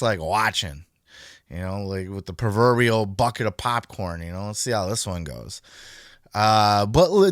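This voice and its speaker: A man hosting a wrestling podcast, talking in a blunt, animated way and swearing a lot. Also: mid-range voice, no echo, studio quality. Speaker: podcast host. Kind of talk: casual profane commentary.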